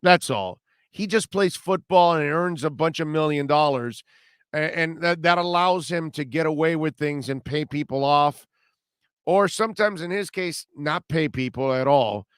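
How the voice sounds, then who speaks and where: A man's voice: fairly high pitch, normal speed, smooth, no echo, clean studio sound. A man hosting sports talk radio, blunt and rambling, with sarcastic asides.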